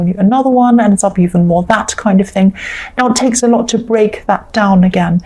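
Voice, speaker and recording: Mellow-voiced chatty tarot reader woman. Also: medium pitch, low-quality recording. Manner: chatty, rambling, acts out imagined dialogue. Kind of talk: casual tarot reading monologue.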